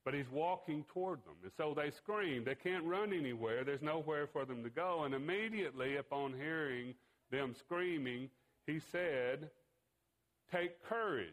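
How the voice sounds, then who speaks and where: A man preaching a sermon, telling a story with pauses and fillers. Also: fairly high pitch, rough recording.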